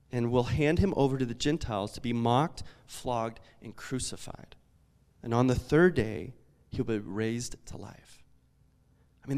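A man, a pastor in his thirties, preaching a sermon with animated, self-deprecating storytelling and lots of fillers. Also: medium pitch.

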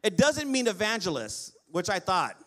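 A male pastor preaching a lively sermon, often asking the congregation for an amen. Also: high voice, normal speed. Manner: lively preaching with call-and-response amens.

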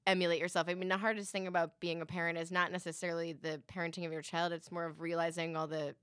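A woman's voice: fairly low pitch, little pitch movement, fast talker, a bit bright, clean tone, no echo, studio quality. A woman in her thirties, a mother, talking casually in a rambling way with frequent laughs and fillers. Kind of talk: casual chat.

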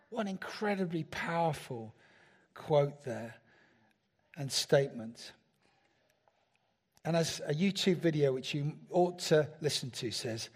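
A man's voice: fairly high pitch, moderate pace, a little mellow, slightly rough. A man preaching a sermon in a church, talking conversationally and asking the congregation rhetorical questions. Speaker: pastor.

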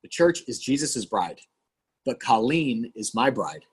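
A man in his forties, a pastor and podcast guest, telling personal stories in an earnest, animated, candid way. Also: medium pitch, a little slow, breathy edge. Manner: earnest, animated, acts out quoted dialogue. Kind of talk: candid conversational storytelling.

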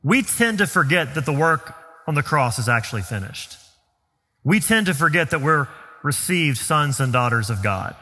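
A man with a Southern US accent preaching a sermon as pastor, earnest and emphatic, slowing down on key phrases. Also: a little high, sing-song, sharp tone, long reverb tail. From Southern United States. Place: church sanctuary.

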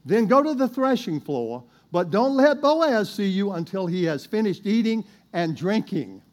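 A man voicing an eager older woman who gives brisk instructions, read out within a sermon. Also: sits high, sing-song, voice pushed up. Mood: urging.

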